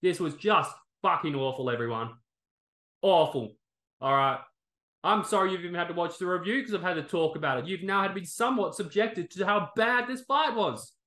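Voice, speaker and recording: Male review host on an angry rant, forceful bright voice, slightly high, roomy echo. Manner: angry, exasperated, swearing; repeatedly tags lines with "okay?" and "man". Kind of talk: ranting video review.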